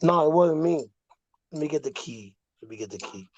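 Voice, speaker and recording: A woman hosting a casual livestream chat, talking loud and blunt, swearing freely and laughing a lot. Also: sits low, expressive, moderate pace, lo-fi sound. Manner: loud, swearing, laughs often, coos at dogs. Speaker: livestream host.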